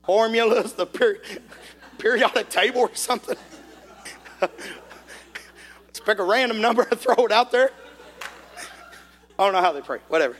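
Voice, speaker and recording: Male preacher, bright and forceful tone, folksy and animated, recorded in a reverberant church hall. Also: sits high, normal speed, long pauses. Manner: folksy, animated, rises to shouting. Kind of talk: sermon storytelling.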